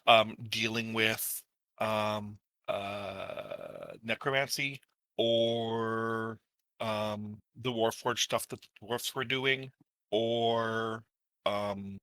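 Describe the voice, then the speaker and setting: A man's voice: on the low side, pushed and bright, dry recording. A man playing a tabletop game, thinking aloud with many fillers and restarts. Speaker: player. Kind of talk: casual tabletop play.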